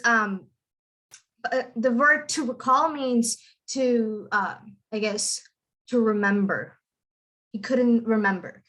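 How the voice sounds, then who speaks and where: A woman's voice: fairly high pitch, bright, forceful tone. A young woman teaching English pronunciation in an online class. She is patient and repeats example words over and over to model the stress. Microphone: video call.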